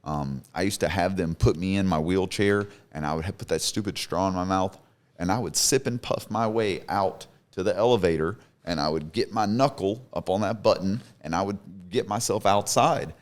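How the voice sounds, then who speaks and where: An intense, candid man in his thirties tells his life story as a podcast guest. His voice sits very low, and he speaks with plain conviction. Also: normal speed. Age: 30s. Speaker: interview guest, business CEO. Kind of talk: emotional personal storytelling in a podcast interview.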